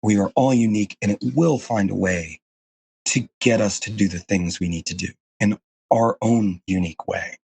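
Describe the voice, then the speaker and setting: A man's voice: fairly low pitch, moderate pace, creaky, a little mellow, slightly rough. A man as a podcast guest, talking earnestly in a casual, rambling way with lots of fillers and restarts. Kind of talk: casual interview conversation.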